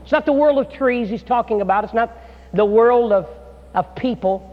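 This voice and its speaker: Man, high voice, guest preacher, folksy storytelling sermon, echoing hall, muffled sound. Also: normal speed. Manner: folksy, storytelling, many filler "uh"s. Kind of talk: chapel sermon. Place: seminary chapel. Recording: dull sound in a reverberant hall.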